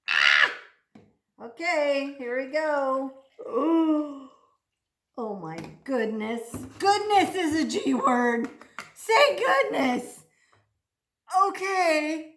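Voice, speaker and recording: A woman giving a playful children's speech lesson, talking slowly and with exaggerated, sing-song delivery. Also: high voice, fairly bright tone, reverberant, a little hiss or hum.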